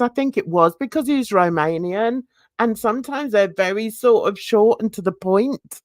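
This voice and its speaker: A woman's voice: mid-range voice, expressive, moderate pace, no room sound, clean studio sound. A middle-aged woman, hosting a casual livestream and telling a rambling story with frequent laughter. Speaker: YouTube channel host.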